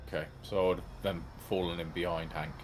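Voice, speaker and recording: A man's voice: sits low, steady tone, quick pace, over music. A man playing in a tabletop role-playing game, terse and matter-of-fact. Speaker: player. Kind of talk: casual tabletop role-play.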